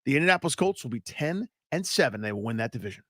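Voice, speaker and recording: A man's voice: mid-range voice, very animated, racing, fairly bright tone, no room sound, studio quality. A man co-hosting sports radio talk, making emphatic, opinionated predictions.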